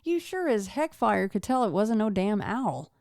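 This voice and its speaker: A woman's voice: mid-range voice, very animated, normal speed, creaky, darkish tone, dry recording. A woman hosting an interview podcast who talks in a folksy, blunt, colloquial way. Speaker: host.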